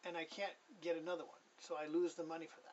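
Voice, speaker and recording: A man's voice: a little high, little pitch movement, quick pace, far from the mic, muffled recording, a little hiss or hum. A man telling his personal testimony in a casual, rambling way. He corrects himself often and chuckles as he goes.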